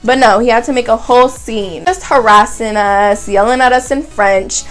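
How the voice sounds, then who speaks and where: A woman's voice: fairly high pitch, normal speed, a bit bright, faint music behind. Chatty young woman telling a story. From Canada. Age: young adult, 18. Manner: chatty, dramatic retelling with frequent "like". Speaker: vlogger. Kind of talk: casual storytime.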